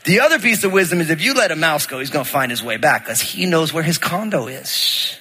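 A middle-aged man preaching a sermon as pastor, telling a story in an animated way and acting out what people said. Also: on the high side, fairly quick, husky, in a large hall. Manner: storytelling, animated, acts out quotes.

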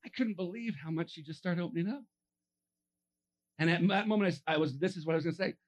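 A man preaching a sermon, telling stories and acting out the voices of the people in them, dropping to a hush and then rising to a shout. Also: fairly high pitch, quick pace. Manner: acts out voices in his stories, swings from hushed to shouting. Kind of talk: animated sermon storytelling.

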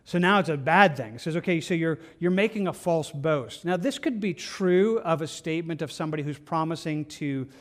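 Earnest man teaching scripture, higher-pitched. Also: a little fast, few pauses. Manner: earnest, conversational, many restarts and repeated words. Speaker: pastor. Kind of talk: devotional Bible teaching.

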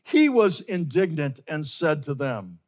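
Male pastor, slightly high voice, slow and earnest sermon delivery that repeats key phrases. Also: sing-song.

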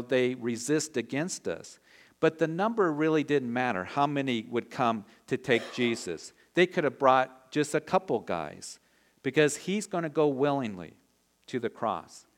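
A man preaching an expository sermon, conversational and earnest, acting out quoted lines of dialogue. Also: mid-range voice. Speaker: pastor. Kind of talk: expository Bible teaching.

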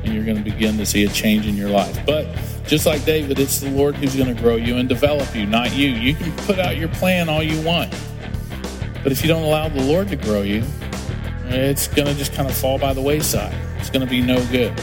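A male pastor preaches a chatty, story-driven sermon, acting out little scenes as he goes. He speaks briskly at a medium pitch. A long hall reverb surrounds him, with soft music playing underneath.

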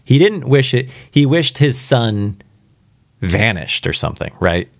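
A man's voice: medium pitch, big pitch swings, unhurried, no echo. A man reading a spooky story aloud for the first time, casual and reacting aloud between passages. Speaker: reader.

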